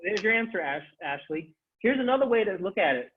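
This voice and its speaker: Animated man teaching over a tinny call. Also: high voice, fairly quick, breathy edge. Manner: animated, repeats phrases, laughs often. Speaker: Sanskrit teacher. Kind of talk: online class teaching. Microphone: video call. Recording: tinny video-call audio.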